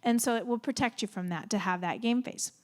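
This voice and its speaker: A middle-aged woman and former therapist giving an animated, laugh-filled talk to a moms' group. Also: a little high, a little fast. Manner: animated, acts out reactions, laughs often.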